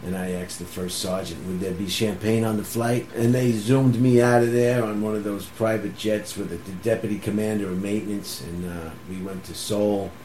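A man casually telling animated stories about his military days, laughing through them. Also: lowish voice, moderate pace, few pauses. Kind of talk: casual storytelling chat. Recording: echoey room with faint background hum.

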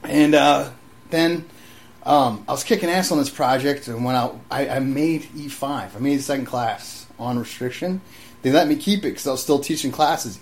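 A young man in casual chat, profane and loose, stumbling over restarts as he tells a story. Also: fairly high pitch. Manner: loose, profane, restarts often and acts out voices in anecdotes.

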